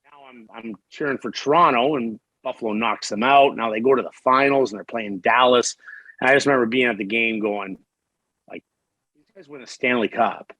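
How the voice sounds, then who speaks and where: A middle-aged man, a guest on a podcast, telling stories in a candid, animated, profane way and often restarting his sentences. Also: medium pitch, brisk, no room sound, rough recording. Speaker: podcast guest, former hockey player. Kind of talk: casual storytelling interview.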